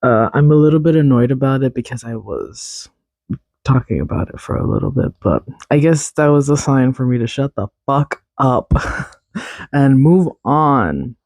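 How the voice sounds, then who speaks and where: A man's voice: mid-range voice, moderate pace, gravelly, darkish tone, dry recording. A young man hosting a solo podcast, chatting casually and rambling, correcting himself with little laughs. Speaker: podcast host.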